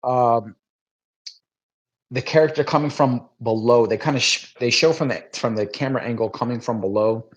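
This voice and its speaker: A man co-hosting a casual podcast who thinks aloud hesitantly and often trails off softly. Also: medium pitch, normal speed, dull audio. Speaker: podcast co-host.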